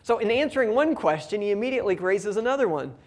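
A young man and father giving a conversational, humorous sermon and reading scripture slowly. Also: high voice, expressive. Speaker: pastor.

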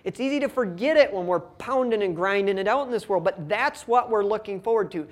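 A young man and father giving a conversational, humorous sermon and reading scripture slowly. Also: sits high, expressive. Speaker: pastor.

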